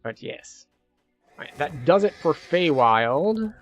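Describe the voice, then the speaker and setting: A man live-streaming a game, chatting casually and thinking out loud as he plays. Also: a little high, big pitch swings, slow, soft background music. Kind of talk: live-stream gameplay commentary.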